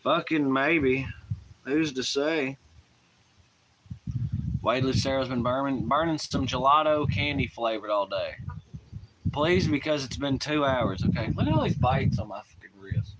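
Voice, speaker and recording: A man's voice: medium pitch, measured pace, long pauses, a bit bright, a little hiss or hum. A man with a Southern US accent chatting casually on a live stream, rowdy and profane, rambling in folksy slang.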